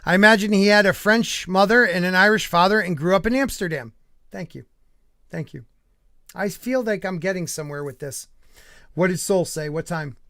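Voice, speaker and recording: Podcast host, male, high voice, blunt ranter, dry close mic. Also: normal speed, bright, forceful tone, no echo. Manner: ranting, blunt and profane. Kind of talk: casual podcast chat, reading chat comments.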